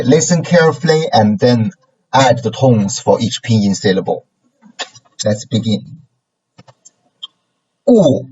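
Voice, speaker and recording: A man with a lowish, darkish, slightly rough voice teaches a language lesson in a classroom, patiently modelling sounds and asking "right?" after each point. The recording is dull and lo-fi.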